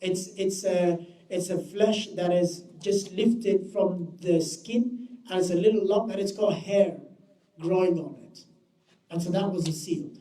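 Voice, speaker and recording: Guy retelling a prophet story like a lecture, kinda high but super mellow voice, mic far off, echoey room. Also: measured pace. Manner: animated storytelling, acts out the quotes. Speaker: Islamic lecturer. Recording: roomy, from a distant mic.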